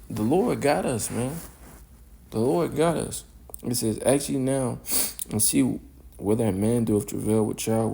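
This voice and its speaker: A man's voice: fairly low pitch, creaky, mellow. A man giving informal scripture commentary, rambling and repeating words, ending phrases with "man".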